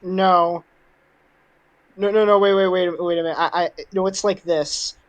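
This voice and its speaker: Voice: medium pitch, flat delivery, measured pace. A co-host in a casual group riff chat, rambling with stumbles and restarts and laughing between lines. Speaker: co-host riffing on a show.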